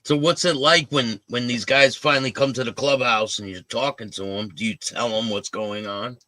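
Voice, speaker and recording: A man's voice: medium pitch, fairly even intonation, normal speed, sharp tone, dry recording. A man interviewing a guest, mostly giving short replies and brief questions. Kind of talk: casual chat.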